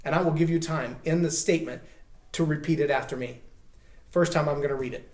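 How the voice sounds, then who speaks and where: A man with a somewhat high voice gives earnest motivational teaching straight to the listener. He urges, slows, and leans hard on key words. The sound carries a noticeable room echo. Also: fairly even intonation, darkish tone. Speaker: author and personal growth speaker.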